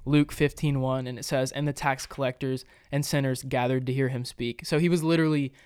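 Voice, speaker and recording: A man's voice: mid-range voice, level tone, brisk, a little mellow, clear, resonant tone, dry recording, studio quality. A man co-hosting a casual podcast, earnestly explaining a Bible passage with frequent fillers and restarts. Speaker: podcast co-host.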